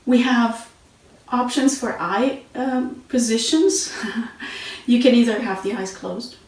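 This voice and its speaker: A woman teaching meditation and yoga sitting positions in a relaxed, conversational way, with fillers and restarts, recorded on a mat at home. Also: on the high side, slow. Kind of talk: instructional talk. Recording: very echoey room, mic at a distance.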